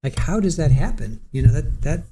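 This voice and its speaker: A man's voice: a little high, animated, brisk, background noise. A man hosting a livestream, reading viewer comments and musing through them in a casual, hesitant way, often repeating his words. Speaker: livestream host.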